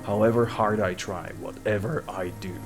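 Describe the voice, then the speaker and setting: A man's voice: lowish voice, steady tone, moderate pace, lightly acted. Gaunt sick old soldier in his sixties, weary and bitter, voiced by a male streamer, music under him. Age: 60s. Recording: music playing behind voice.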